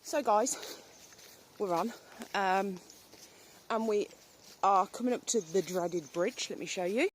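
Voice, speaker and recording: A woman's voice: mid-range voice, slow, pauses often. Chatty British woman riding a horse. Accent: British English. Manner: chatty, rambling, lots of ums, talks to her horse. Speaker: vlogger. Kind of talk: casual chat while horse riding. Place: outdoors on horseback in the countryside. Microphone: phone held while riding. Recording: faint outdoor noise. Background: outdoor ambience with animal sounds.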